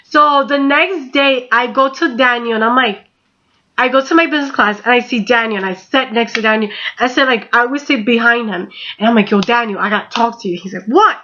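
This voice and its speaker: A woman's voice: on the high side, brisk, bright, forceful tone, muffled recording. A woman in her twenties telling a storytime, rambling with constant "like" and casual swearing. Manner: rambling, heavy use of "like", frequent swearing. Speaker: vlogger.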